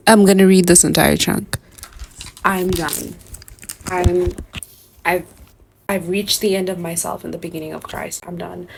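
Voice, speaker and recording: A woman's voice: on the low side, gravelly, a little hiss or hum. A young woman vlogging casually about a book she is reading, talking in an emotional, slangy, gushing way.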